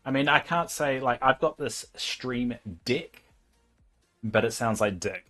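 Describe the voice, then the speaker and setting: A man's voice: mid-range voice, unhurried, fairly bright tone, faint music behind. A young man with a New Zealand accent, chatting casually as a livestreamer while he plays a game and thinks aloud with plenty of fillers.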